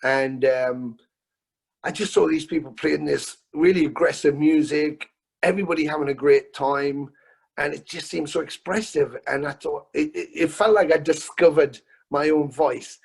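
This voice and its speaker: A man in his fifties, a musician guest on a video call interview, telling stories in a lively, casual way, swearing freely and often restarting his sentences. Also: a little high, normal speed, creaky, slightly rough.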